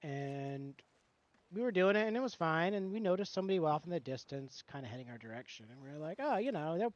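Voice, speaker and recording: A man streaming, casually telling a gaming story in an animated way, acting out both sides of the exchange and swearing freely. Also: a little high, fast talker, dry recording, muffled recording.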